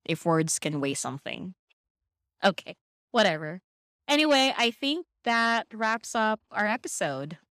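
A woman's voice: medium pitch, very animated, unhurried, a bit bright, no echo. Dry-sounding woman podcast co-host. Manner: explanatory, laughs often. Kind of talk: casual chat.

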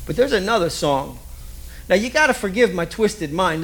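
A man preaching a sermon in a conversational, animated way, full of rhetorical questions. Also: high-pitched, moderate pace. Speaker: pastor.

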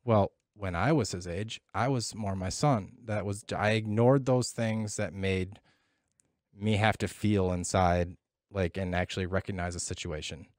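A man's voice: low voice, steady tone, measured pace, no echo, studio quality. A middle-aged man talking candidly and with a lot of swearing in a casual podcast chat, reflecting on parenting and loss.

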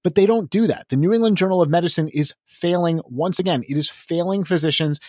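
Husky-voiced man ranting on a podcast. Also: high-pitched, brisk, darkish tone, no room sound, studio quality. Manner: earnest, emphatic, ranting critique. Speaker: podcast co-host. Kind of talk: critical commentary discussion.

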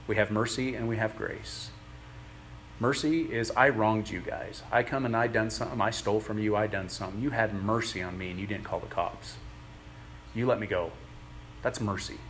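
A man with a lowish voice preaches in an easygoing, conversational way. He is earnest and plain-spoken, stopping often to gather his words. A faint hum of ambient noise sits behind him. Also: fairly even intonation, fairly bright tone. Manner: earnest, plain-spoken, halting with many pauses. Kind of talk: conversational sermon.

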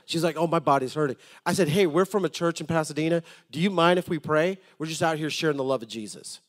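A man preaches to his congregation, going from loud appeals to soft, hushed storytelling, and he tends to repeat words when beginning a thought. His voice is on the high side, and he talks fast.

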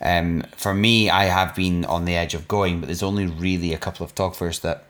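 A man's voice: deep voice, fairly even intonation, brisk, fairly bright tone. A Scottish man co-hosting a podcast, chatting casually and jokily with lots of restarts. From Scotland. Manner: joking, rambling, many restarts. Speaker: podcast co-host. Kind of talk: casual chat.

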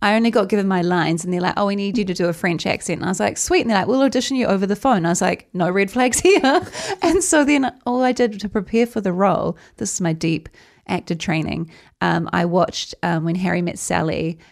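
A woman's voice: medium pitch, a little fast, gravelly. A woman, a guest comedian telling stories in a casual chat, wry and laughing as she acts out quotes.

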